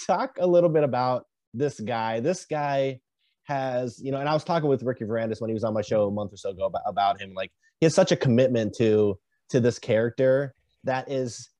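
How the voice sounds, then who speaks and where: A man hosting a podcast interview, talking in a halting, easygoing way full of fillers. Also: medium pitch, warm tone, no echo. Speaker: podcast host.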